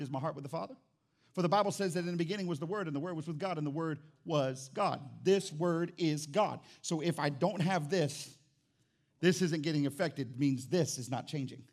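A male pastor preaching an animated sermon in church, calling out to the congregation and acting out little scenes. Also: on the high side. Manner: animated, acts out quotes, calls out to congregation.

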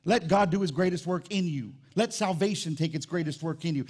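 A pastor preaching a lively, jokey sermon, shifting between quick asides and shouted high points. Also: male voice, breathy edge.

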